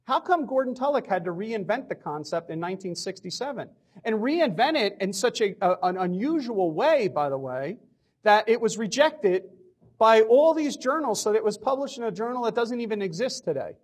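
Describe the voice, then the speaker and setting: A man's voice: high voice, sing-song, moderate pace, husky. A man giving a public lecture on economics, emphatic, repeating key phrases and posing questions he then answers himself. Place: lecture hall.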